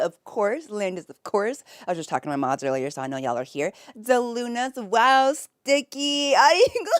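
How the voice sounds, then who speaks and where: A woman's voice: on the low side, sing-song, normal speed, dry recording, clean studio sound. A woman streamer chatting casually and greeting her chat from her home office, giggly and effusive. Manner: giggly and effusive, with frequent laughs.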